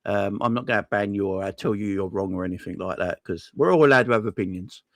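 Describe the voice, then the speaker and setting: A man hosting a casual livestream, thanking viewers one by one in an excitable, effusive way with plenty of slang. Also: on the low side, quick pace, no room sound. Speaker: livestream host.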